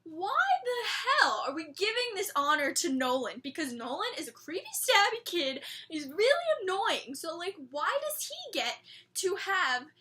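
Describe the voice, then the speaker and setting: Young female vlogger with a high, bright voice; animated, chatty episode recap. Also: moderate pace. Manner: animated and chatty, laughs often, frequent "like". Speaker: TV episode reviewer. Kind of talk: casual episode review vlog.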